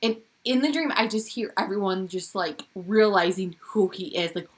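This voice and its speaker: A woman's voice: mid-range voice, normal speed, few pauses. A woman co-hosting a pop culture podcast, telling a story in casual chat with lots of swearing and acted-out dialogue. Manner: animated, swearing, acts out dream dialogue. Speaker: podcast co-host.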